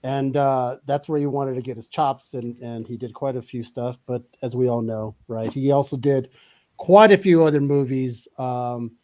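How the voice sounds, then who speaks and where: A man's voice: medium pitch, fairly even intonation, normal speed, warm tone. Rambling, eager male podcast host. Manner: rambling, filler-heavy, eager. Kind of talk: casual chat.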